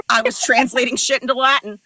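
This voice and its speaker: Woman author co-hosting a live chat, swears a lot, makes fun of herself, high bright voice. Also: low-quality recording. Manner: blunt, self-mocking, swears freely. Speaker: author and co-host. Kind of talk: casual live-stream chat.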